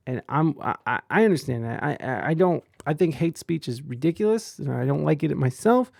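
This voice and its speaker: Casting: male podcast host, gravelly, slightly high voice, dry close mic, loose rambling delivery. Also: animated, fairly quick, hardly any pauses, darkish tone, dry recording. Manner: rambling, stumbling restarts, crude jokes. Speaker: podcast host reading chat. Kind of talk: casual crude commentary.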